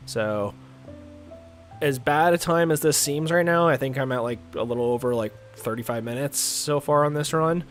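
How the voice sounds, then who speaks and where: A young man livestreaming a game, rambling along to his viewers and leaning on filler words. His voice sounds a bit stuffed up and congested, at an ordinary mid pitch for a man. Faint music plays underneath. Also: normal speed. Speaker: gaming streamer. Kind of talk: casual live-stream chat while playing.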